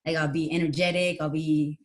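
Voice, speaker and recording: A woman's voice: deep voice, flat delivery, fairly quick. A woman on a group call, chatting about her daily routine and laughing lightly. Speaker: call participant. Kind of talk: casual sharing.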